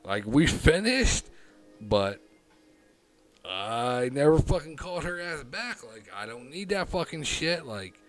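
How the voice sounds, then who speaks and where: A man hosting a livestream, telling a long personal anecdote in a loose, profane, rambling way full of fillers, dropping quiet then getting loud. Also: on the high side, takes it slowly, long pauses. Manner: animated, swings between hushed and loud. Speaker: livestream host. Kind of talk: casual livestream storytelling.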